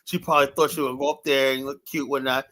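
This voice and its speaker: A man's voice: mid-range voice, level tone, quick pace, bright, forceful tone. A man telling long, rambling stories in a heated casual debate, swearing freely and tagging nearly every sentence with 'right?'. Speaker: panelist.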